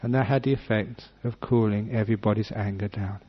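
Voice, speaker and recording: A man, a Buddhist monk, giving a dhamma talk, reading a sutta aloud and then explaining it unhurriedly with gentle humour. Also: lowish voice, steady tone, a little fast, breathy edge. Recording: dull lo-fi talk recording.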